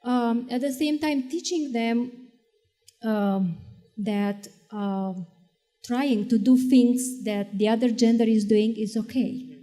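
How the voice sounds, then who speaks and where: A woman educator talks on a discussion panel in a mellow, relaxed voice. She is thoughtful and measured, often pausing with small fillers as she builds her point. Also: fairly high pitch, in a large hall.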